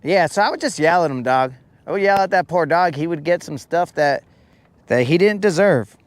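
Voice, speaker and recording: A man's voice: fairly high pitch, normal speed, dry recording. A man hosting a fishing show, joking around casually on a boat and calling people bro and dog. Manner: slangy, joking, keeps saying bro and dog.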